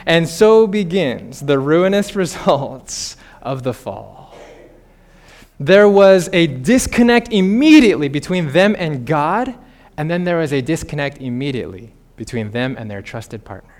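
A man delivers a sermon in a bright, high-pitched voice. He talks in an animated way, drifting into playful asides and short laughs. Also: a little slow. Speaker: pastor.

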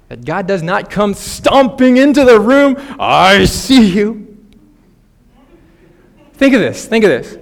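A man delivers a sermon in a bright, high-pitched voice. He talks in an animated way, drifting into playful asides and short laughs. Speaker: pastor.

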